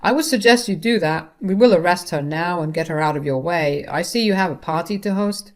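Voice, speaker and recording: A woman reading a calm police officer. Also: lowish voice, a little fast, natural voice. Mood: businesslike. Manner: polite, matter-of-fact.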